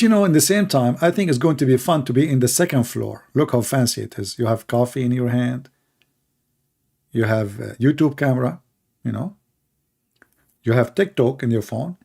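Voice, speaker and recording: Gravelly, dark-voiced man hosting a stream. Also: medium pitch. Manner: sarcastic, mocking asides; rambling with many fillers. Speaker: livestream host. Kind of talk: casual rambling commentary.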